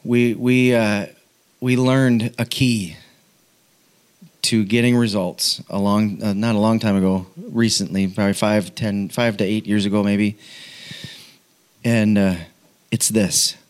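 A middle-aged man, a pastor, telling a personal story in a sermon, animated and self-mocking, often laughing and restarting his sentences. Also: lowish voice, unhurried, pauses often, smooth.

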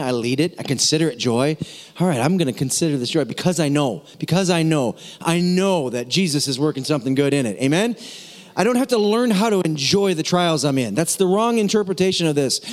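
A man preaching a sermon in a casual, teasing way, repeating key words for emphasis. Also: a little high. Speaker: pastor. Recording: long hall reverb.

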